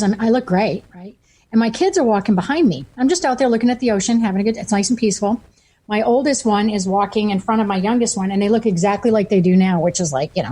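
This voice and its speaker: A woman hosts a radio talk show with a warm, mellow tone. She talks with enthusiasm and keeps affirming her guest. Her pitch sits in the middle range for a woman. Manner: enthusiastic, frequent affirming interjections. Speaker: talk radio host and coach.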